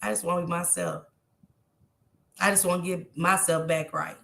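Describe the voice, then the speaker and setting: Tearful woman vlogger, bright echoey voice. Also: lowish voice, fairly even intonation, normal speed, gravelly. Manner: heartfelt, repetitive, speaks straight to her viewers. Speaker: live-stream vlogger. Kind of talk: emotional live-stream talk to viewers.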